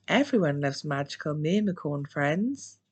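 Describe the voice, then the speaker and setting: A British woman reading a children's storybook aloud, slow and expressive. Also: sits low, slightly rough. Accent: British English. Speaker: children's book reader.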